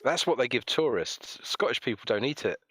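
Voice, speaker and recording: A man's voice: mid-range voice, animated, brisk, fairly bright tone, slightly rough, no room sound. A man hosting a live stream, chatting casually and joking while reading out viewer comments. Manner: jokey, rambling, reads chat comments aloud. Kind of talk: casual chat on a voice call.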